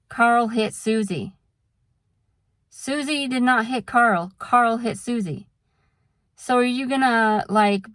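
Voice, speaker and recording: Slow, unhurried woman vlogger. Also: medium pitch, no room sound, clean studio sound. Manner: explains patiently with examples, drifts into a rant. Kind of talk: casual talking-head monologue.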